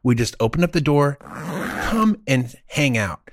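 A man with a Midwestern American accent tinged by Texas, co-hosting a podcast in casual comedic chat, animated, laughing and swearing. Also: fairly high pitch, unhurried, dry recording, clean studio sound. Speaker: podcast co-host.

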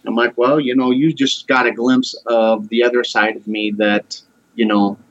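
A man's voice: medium pitch, flat delivery, moderate pace, fairly bright tone, highs cut off. A man in his forties earnestly telling a personal story in a casual conversation. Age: 40s. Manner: earnest, heartfelt.

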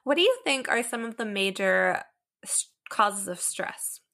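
Woman interviewer, giggly, easygoing questions, medium pitch. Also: expressive, unhurried, gravelly, sharp tone. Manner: light, laughs easily, asks loose questions. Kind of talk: casual interview conversation.

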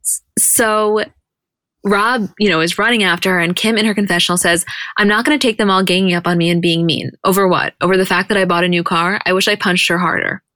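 A woman co-hosting a podcast, recapping a show in casual chat and quoting people in quick animated bursts. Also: mid-range voice, no echo, clean studio sound. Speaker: podcast co-host.

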